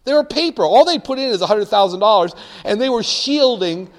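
An older man from the northern United States tells stories to an audience in a fairly high voice at a fairly quick pace. His delivery is animated, emphatic and wry, and now and then he has the crowd repeat words back to him.

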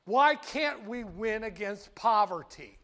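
A man's voice: high voice, fairly even intonation, moderate pace, a bit bright. An older man doing an impression of a confident male 1960s president, declaiming with brash certainty. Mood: rousing.

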